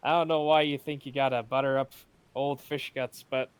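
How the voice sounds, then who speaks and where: A man's voice: medium pitch, fairly even intonation, normal speed, smooth, dry recording, lightly acted. A man voicing a toothless old pirate cook. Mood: grateful.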